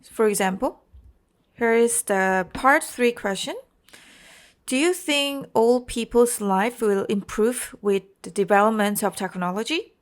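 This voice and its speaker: A woman's voice: on the high side, a little slow. A woman with a Korean accent teaching an IELTS exam-prep lesson, explaining carefully and often checking in with "okay?" and "you know".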